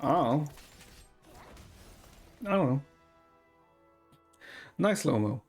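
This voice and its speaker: A man's voice: on the high side, big pitch swings, drawn-out words, darkish tone, slightly rough, soft background music. A man streaming a game, chatting casually with his chat while he plays.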